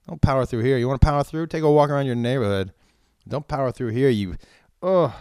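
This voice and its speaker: A comedian telling stories in casual chat, swearing often and ranting with animation. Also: male voice, mid-range voice, fast talker, smooth, no room sound, studio quality. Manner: profane, animated storytelling rants.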